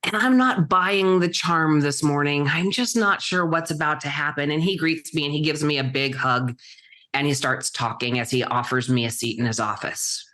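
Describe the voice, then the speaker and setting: A middle-aged woman, a guest entrepreneur, telling her story in vivid present tense with dramatic pauses. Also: deep voice, a bit bright. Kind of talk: storytelling interview answer.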